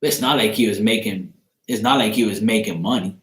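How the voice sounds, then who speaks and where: A man's voice: fairly low pitch, brisk, a bit bright. A man hosting a tarot channel, telling a profane story in a casual, laughing rant. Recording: roomy echo.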